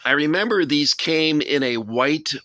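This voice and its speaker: A man's voice: a little high, expressive, unhurried, bright, forceful tone, no echo, clean studio sound. A middle-aged man hosting a casual vlog, rambling and self-deprecating as he shows off his toy soldier collection. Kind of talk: casual show-and-tell vlog.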